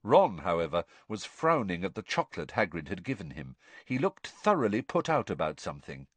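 A man reading an audiobook with expressive storytelling. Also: low-pitched, brisk, dry recording. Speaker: narrator.

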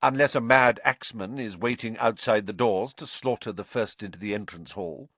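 A man's voice: mid-range voice, moderate pace, fairly bright tone, no room sound. A man voicing a stern, tart older woman teacher who speaks in a dry, clipped, sarcastic way.

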